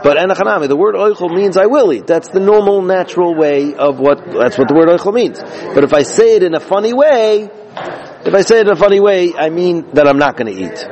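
A man's voice: on the high side, darkish tone, poor audio. A man teaching a Talmud passage step by step, mixing Aramaic and Hebrew terms into his English and often repeating phrases.

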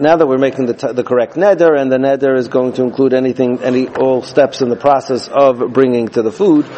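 A man's voice: a little high, mellow. A man teaching a Talmud lesson, explaining the Gemara step by step with many restarts and Hebrew and Aramaic terms.

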